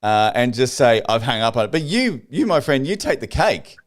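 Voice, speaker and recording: Lively, enthusiastic podcast host. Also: male voice, medium pitch. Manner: enthusiastic, halting questions with fillers. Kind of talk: casual interview.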